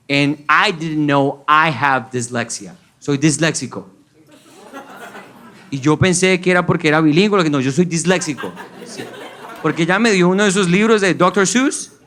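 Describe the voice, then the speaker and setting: A man's voice: a little high, a bit bright. A man from Colombia with a Colombian accent, doing a stand-up comedy set and mixing English and Spanish while acting out his family's voices. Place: comedy stage before a live audience. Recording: live stage set with audible crowd noise. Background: audience laughter.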